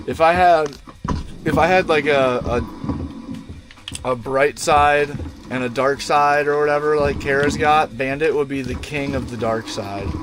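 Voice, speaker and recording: A young man chatting casually and slangily on a long gaming livestream from inside a van, often cooing to his dog. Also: mid-range voice. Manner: laid-back slangy, talks to his dog. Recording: music playing behind.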